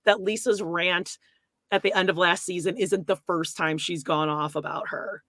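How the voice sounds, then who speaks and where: A woman's voice: lowish voice, fairly even intonation, moderate pace, a bit bright, no echo. Woman podcaster gossiping bluntly, swears a lot, does over the top impressions, dry close sound. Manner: acts out cast members in exaggerated voices. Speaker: podcast co-host. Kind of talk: casual recap chat.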